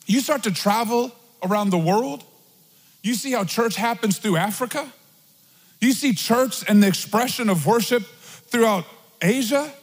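A man's voice: very high voice, a little slow, husky. A young male pastor preaching a casual, joking sermon in a large church. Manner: animated, joking, conversational preaching. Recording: long church hall reverb.

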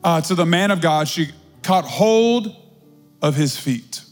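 A high-pitched male pastor preaching to his congregation, stretching out key words and repeating phrases for emphasis. The sound carries a long church-hall reverb, with faint music underneath. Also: animated. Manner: preaching with drawn-out emphatic repetition. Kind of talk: sermon.

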